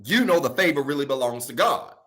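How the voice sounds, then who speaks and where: A male pastor preaching a sermon in a casual, colloquial way, repeating key phrases and swinging from loud emphasis to soft asides. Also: mid-range voice, lively intonation, fairly quick.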